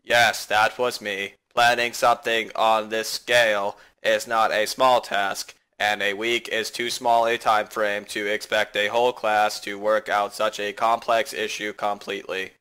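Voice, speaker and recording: Brief: composed, guarded schoolgirl, quiet and even, read by a man. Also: on the low side, unhurried, hardly any pauses, clean tone, voice pushed down. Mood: calm.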